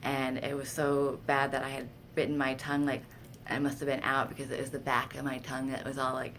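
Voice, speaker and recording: There's slight background noise as a woman with a very deep voice talks fairly quickly to camera. She's a vlogger telling personal stories casually, candid and self-deprecating, and she gets animated when she quotes herself.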